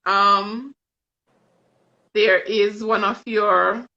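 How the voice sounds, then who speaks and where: Earnest Jamaican woman, gravelly bright voice. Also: medium pitch, fairly even intonation, very slow. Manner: earnest, emotional storytelling. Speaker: guest, vision board coach. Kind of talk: casual chat on a livestream. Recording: dull lo-fi stream audio.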